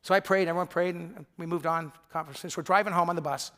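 High-voiced pastor preaching conversationally. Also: male voice, steady tone, fast, fairly bright tone. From Michigan. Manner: conversational storytelling, acting out quoted voices. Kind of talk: sermon.

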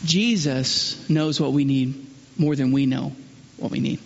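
A male pastor preaching a sermon and asking the congregation questions. He builds to loud, emphatic peaks and drops low and quiet for solemn lines. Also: unhurried, creaky, slightly rough. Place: church hall. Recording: muffled sermon recording with long hall reverb.

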